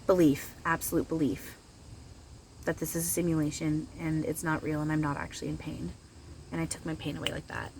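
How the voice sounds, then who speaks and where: A woman's voice: deep voice, flat delivery, brisk, a little mellow, slight background noise, rough recording. A woman talking casually to camera as a spiritual channeler, rambling and chatty with frequent fillers and giggles. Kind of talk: casual vlog monologue.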